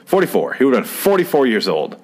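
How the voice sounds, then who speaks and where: Reviewing an old TV episode, a man offers casual, profane commentary in a mid-range voice that swings hugely in pitch at a quick pace. He's sarcastic and rambling, swearing freely and acting out the lines he quotes.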